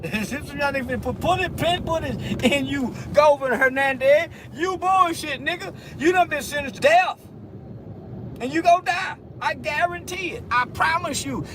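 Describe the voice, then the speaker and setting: A man's voice: extremely high pitch, noisy background. A man in a taunting rant who keeps laughing mockingly between lines. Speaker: internet personality in a played clip.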